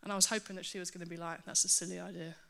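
A woman preaching a sermon to her church, earnest and animated, with self-mocking asides. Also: lowish voice, rapid-fire, creaky.

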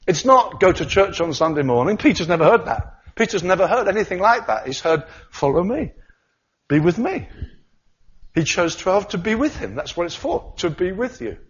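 Lively preacher with a lo-fi sound. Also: male voice, sits high, normal speed. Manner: animated, acts out voices of the disciples. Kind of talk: sermon.

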